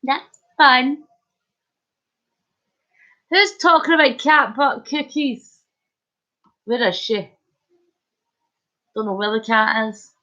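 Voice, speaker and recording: A woman's voice: sits high, slow, long pauses, sharp tone, highs cut off. A woman hosting a casual live stream, chatting and joking as she reads viewer comments. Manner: chatty, jokey, punning, laughs often. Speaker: livestream host.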